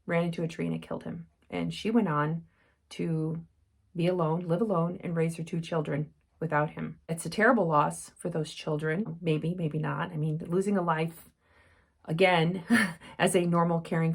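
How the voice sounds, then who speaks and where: A woman's voice: sits low, steady tone, normal speed, vocal fry, breathy edge. A middle-aged woman hosting her own channel from her home craft room, telling a story in an earnest, reflective way with many fillers. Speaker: channel host. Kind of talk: casual talk to camera.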